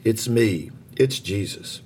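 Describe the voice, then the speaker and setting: A man voicing a calm, commanding adult male teacher who speaks steadily and reassuringly. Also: fairly low pitch, slow pace, breathy edge, heavily acted.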